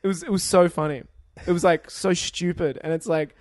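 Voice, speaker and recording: A man's voice: high voice, fairly even intonation, brisk, darkish tone, dry recording, clean studio sound. A man co-hosting a podcast, talking casually and animatedly, laughing and swearing as he tells stories. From Australia. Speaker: podcast co-host. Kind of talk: casual chat.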